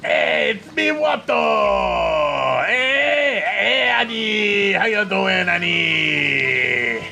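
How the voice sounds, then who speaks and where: A scheming winged alien junk dealer, put on by a man, all wheedling car-salesman patter. The voice is gravelly and swoops up and down. Game music plays behind it. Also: high-pitched, very animated, drawn-out words, pitched above the performer's own voice, heavily acted.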